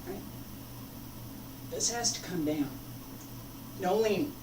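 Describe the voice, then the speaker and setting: Woman, martial arts teacher, lively pitch, slow and unhurried, echoey room, distant mic. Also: noisy background. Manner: unhurried, breaks off mid-demonstration. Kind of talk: demonstrating and teaching a form.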